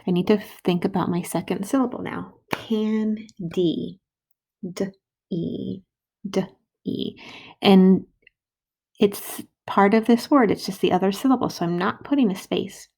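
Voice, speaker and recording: Woman, first grade teacher, slow and patient, sounds out words, mellow tone, slight fry. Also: mid-range voice. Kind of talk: recorded writing lesson for children. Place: home. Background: dog barking.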